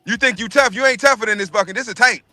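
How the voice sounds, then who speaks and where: A man's voice: extremely high pitch, fast, no room sound, soft background music. A man around forty, telling a profane story in casual chat and acting out every voice. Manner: profane, animated, acts out every voice.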